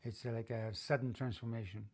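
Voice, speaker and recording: A middle-aged man casually telling a story from his own life, rambling with fillers and restarts, and sometimes lifting his voice higher and louder to act out the people in it. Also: steady tone, brisk. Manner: acts out quoted voices, often higher and louder.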